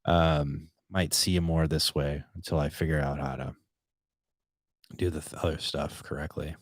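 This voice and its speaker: A man's voice: a bass voice, steady tone, moderate pace, no echo, studio quality. A man hosting his own podcast from home, rambling in a casual, self-deprecating, sometimes profane way. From Boston, USA. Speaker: podcast host. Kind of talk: casual solo podcast chat. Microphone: headphones with podcast mic.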